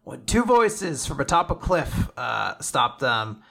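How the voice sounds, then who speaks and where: A male podcast host recapping manga chapters in casual chat, animated and profane, laughing often. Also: mid-range voice, slow pace, gravelly.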